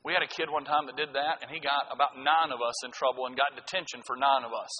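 Bright, husky-voiced preacher man. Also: mid-range voice, fairly even intonation, fast talker, in a large hall, muffled recording. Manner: dramatic swings from loud to hushed. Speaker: pastor. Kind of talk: sermon.

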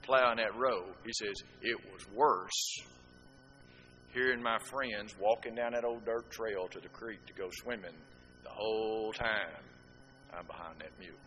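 Folksy preacher in a hall. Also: male voice, on the low side, fairly even intonation, measured pace, pushed and bright, a little hiss or hum. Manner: folksy storytelling, rhetorical asides. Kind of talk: sermon.

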